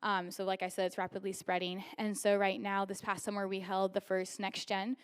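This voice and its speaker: A woman hosts an event and introduces the next part of the program. Her voice is smooth and clear, but her pitch stays flat. She hurries along with many ums and uhs. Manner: rushed, filler-heavy explaining. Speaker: event host.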